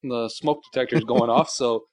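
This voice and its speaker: A co-host with a steady, medium-pitched voice speaks at normal speed, phoning into a casual podcast from his car in the garage. His rambling, self-deprecating stories come with frequent laughter, captured in a dry recording.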